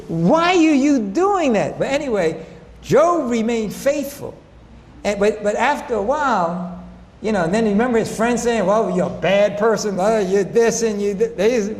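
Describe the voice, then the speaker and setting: A man giving a faith-based health talk to an audience, animated, asking them questions and acting out both sides of conversations. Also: very high-pitched. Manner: animated, asks audience questions, acts out dialogue. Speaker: health lecturer. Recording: hall reverb with faint ambience.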